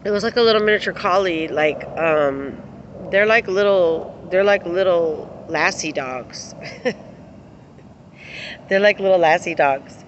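A woman's voice: lowish voice, lo-fi sound, slight background noise. A middle-aged woman vlogging, telling rambling personal stories in a casual way, laughing often and swearing freely. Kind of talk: casual storytelling to camera.

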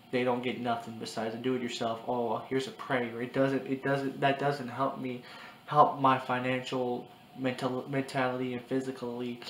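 A young man in his early twenties cries as he talks to his camera in a personal vlog. His voice stays flat and monotone, halting, restarting and repeating himself. The room is echoey, with a faint hiss behind him. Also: mid-range voice. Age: 20s. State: crying. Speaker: vlogger. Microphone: camera mic.

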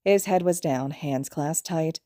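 A woman narrating fan fiction as an audiobook, in a calm, even storytelling manner. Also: low-pitched, measured pace, dry recording, studio quality. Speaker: podfic reader.

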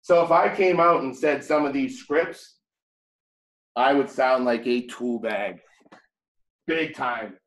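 A man's voice: mid-range voice, slow, long pauses, a bit bright. A man with a heavy Boston accent, teaching a real estate training class in a blunt, conversational, jokey way. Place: training room. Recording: echoey room.

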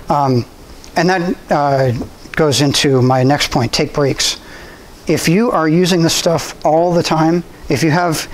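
Man giving a relaxed club talk. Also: fairly high pitch, rough recording. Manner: conversational, relaxed, with frequent restarts and ums. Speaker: presenter. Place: university room.

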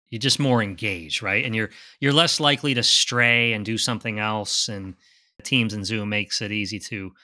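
Bright and forceful, this man's mid-range voice belongs to a podcast co-host who quizzes his partner in a casual, conversational chat. He's inquisitive but frequently stumbles, stammering and repeating words.

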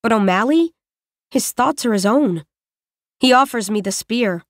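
A woman narrating an audiobook in the first person, with measured, reflective storytelling on a close studio microphone. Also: a little high, expressive, dry recording.

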